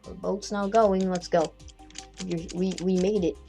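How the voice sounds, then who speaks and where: A man giving casual, excitable gameplay commentary, joking around and often repeating or restarting his phrases. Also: sits high, measured pace, creaky, soft background music.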